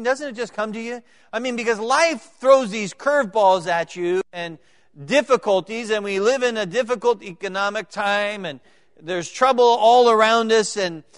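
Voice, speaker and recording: A high-voiced man preaching to his congregation in a church sanctuary. He swings from loud, slow emphasis down to quiet, quick asides and jokes. A long hall reverb trails behind every word. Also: smooth. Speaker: pastor. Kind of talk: sermon.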